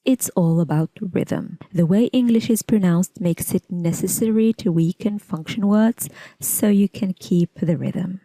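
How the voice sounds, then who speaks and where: A woman teaching English pronunciation in a scripted lesson, speaking in a measured, deliberate way and enunciating example words slowly. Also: fairly low pitch, dark tone, no room sound.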